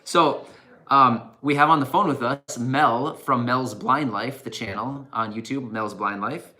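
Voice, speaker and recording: A man's voice: medium pitch, a little slow, sharp tone. A man hosting a live stream and interviewing a phone guest in an easygoing way, often laughing. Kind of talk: casual chat.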